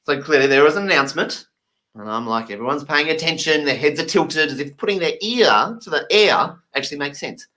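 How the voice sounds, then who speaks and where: Animated man telling funny stories. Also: a little high, fairly quick, low-quality recording. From England. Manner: animated, acts out voices in his anecdotes. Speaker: stand-up comedian. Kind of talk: stand-up storytelling.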